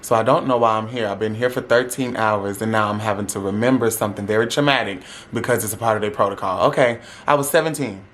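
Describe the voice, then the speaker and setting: A man's voice: fairly low pitch, quick pace, hardly any pauses, a bit bright, a little hiss or hum. A young man speaking tells a dramatic, sassy story to his audience, acting out every voice in it. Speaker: vlogger telling a story. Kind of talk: animated storytime.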